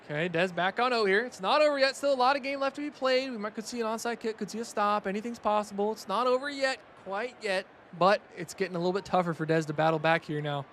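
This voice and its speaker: A young man giving casual play-by-play commentary on a video game match, excitable on big plays and chatting with his stream viewers. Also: high-pitched, quick pace, few pauses, slight background noise. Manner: excitable, rising loud on big plays, chatty asides to chat.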